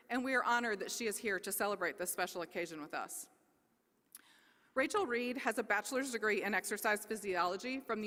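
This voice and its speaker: Bright-voiced woman dean at a ceremony. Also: medium pitch. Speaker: dean introducing the speaker. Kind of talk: formal ceremony introduction. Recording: long reverb of a large hall.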